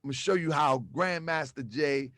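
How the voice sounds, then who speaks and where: High-voiced man, emphatic and repetitive. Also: normal speed, a bit bright, no room sound. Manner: repetitive, emphatic, rhetorical questions; casual, slangy speech. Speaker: channel host. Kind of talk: exposé commentary on video clips.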